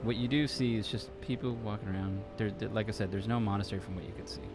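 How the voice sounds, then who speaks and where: A man narrating as game master in a relaxed, hesitant way with many fillers. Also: lowish voice, quick pace, loud music behind the voice.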